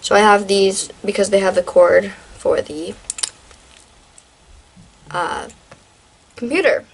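A woman's voice: mid-range voice, takes it slowly, vocal fry, a little hiss or hum, rough recording. A teenage girl in a casual show-and-tell vlog, talking in a chatty, rambling way with lots of fillers and restarts. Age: teens. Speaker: vlogger.

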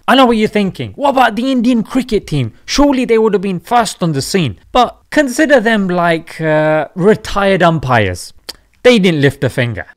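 A man's voice: high voice, big pitch swings, normal speed. A young man hosting a satirical commentary vlog. He mocks and jokes, with emphatic asides. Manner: mocking, jokey, with emphatic asides. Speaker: channel host.

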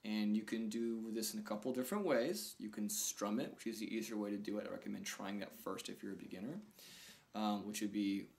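A guitar teacher gives a relaxed, casual lesson, counting beats out loud and calling out chords as he strums. His voice is lowish and a little fast, with some vocal fry, and he talks over loud acoustic guitar.

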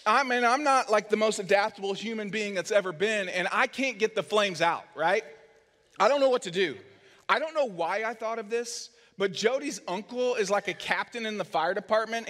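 Self-mocking male pastor, high voice. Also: a bit bright. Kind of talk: sermon story. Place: large church hall. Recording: long hall reverb.

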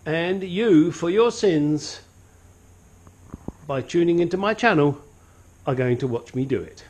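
A man's voice: a little high, lively intonation, unhurried, darkish tone. A man hosting a casual car repair vlog, talking in a dry, teasing, joking way.

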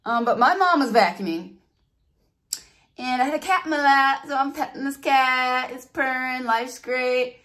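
A woman beauty vlogger telling stories and walking through a hair tutorial in a chatty, animated way. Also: sits high, a little slow. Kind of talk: casual storytelling and hair tutorial.

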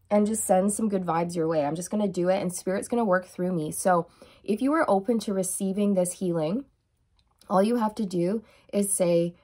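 A woman giving a channeled tarot reading, talking in a soft, emotional, reassuring way and often checking in with "okay?". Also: medium pitch, moderate pace. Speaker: tarot reader.

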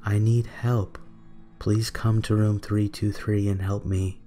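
A man's voice: fairly low pitch, little pitch movement, slow pace, dark tone, faint music behind. A man voicing a frightened young woman who pleads for help over the phone in a horror story. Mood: pleading. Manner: pleading, urgent.

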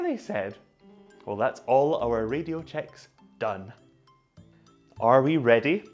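A man's voice: medium pitch, big pitch swings, takes it slowly, long pauses, a little mellow, faint music behind. A man leading a guided movement lesson for young children, coaxing them through call-and-response in a sing-song way. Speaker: children's movement session leader.

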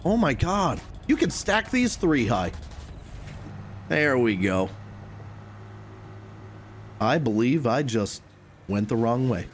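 A man giving casual gameplay commentary as a streamer, joking crudely and breaking into sudden shouts. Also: medium pitch, sing-song, slow, pauses often, a little hiss or hum. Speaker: gaming streamer.

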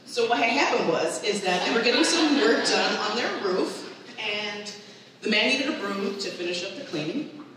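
A woman performing a stand-up comedy set, telling a family story in an animated way and acting out the people in it. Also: medium pitch, normal speed, crowd noise. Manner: animated storytelling, acts out her mother's voice. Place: comedy event hall with live audience. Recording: echoey hall, far from mic, audible room noise.

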